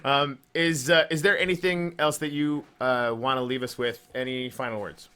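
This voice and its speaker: A man's voice: medium pitch, fairly even intonation, moderate pace, bright, forceful tone, smooth. A man hosting a podcast, chatting casually, laughing often and stumbling over his words. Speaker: podcast host. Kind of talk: casual chat.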